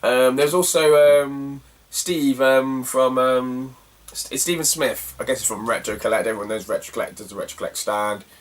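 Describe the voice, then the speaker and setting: A man's voice: medium pitch, moderate pace, distant mic. A young man, telling a rambling, slangy story as a retro gaming vlogger and laughing often between phrases. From Cornwall, England. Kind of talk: casual rambling anecdote.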